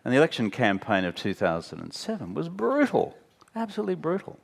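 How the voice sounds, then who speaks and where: A man's voice: fairly high pitch, a little fast, creaky. A man in his fifties with an Australian accent, a guest on stage telling blunt, wry anecdotes and mimicking the people he quotes. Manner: animated storyteller, mimics others, wry and blunt. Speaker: interview guest, former prime minister. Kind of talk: candid anecdotal conversation on stage. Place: stage at a talk venue.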